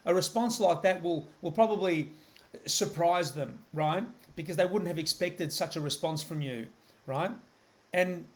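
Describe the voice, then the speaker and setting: Man coaching, higher voice, checks in often. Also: moderate pace. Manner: talks with many "right?" and "okay?" check-ins. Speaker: network marketing coach. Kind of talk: motivational talk to camera.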